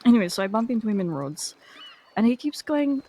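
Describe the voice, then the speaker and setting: Animated woman telling a story. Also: medium pitch, quick pace. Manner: animated storyteller, acts out the other man's lines. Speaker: roleplay game player. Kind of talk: in-character storytelling.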